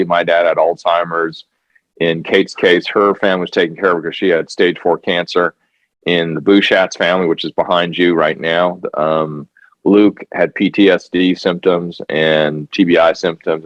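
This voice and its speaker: A man with a fairly low voice talks earnestly and with emphasis, often repeating himself to drive a point home. He is a documentary filmmaker being interviewed. The sound is muffled and lo-fi, with a dry, close feel. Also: no echo. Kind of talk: conversational interview.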